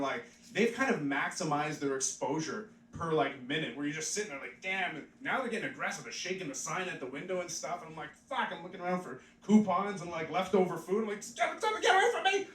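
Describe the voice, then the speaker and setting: A man's voice: fairly high pitch, fairly bright tone, recorded from a distance. A man doing live stand-up comedy in a pub, rambling and offhand, with many "like" fillers. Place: pub stage, live audience. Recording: echoey pub mic heard from afar.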